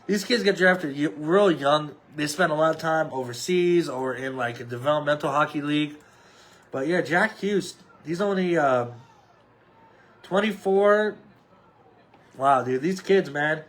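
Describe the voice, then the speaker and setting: Solo podcast host, thirties, male, higher register, offhand and rambling with lots of fillers. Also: unhurried, a bit bright. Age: 30s. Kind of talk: casual solo sports chat.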